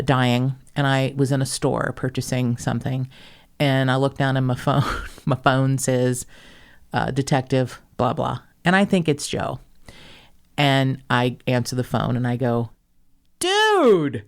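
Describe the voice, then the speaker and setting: A woman's voice: rumbling low, a little mellow. A woman hosting a casual podcast, telling stories in a profane, self-mocking way and acting out the people she quotes. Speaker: podcast host.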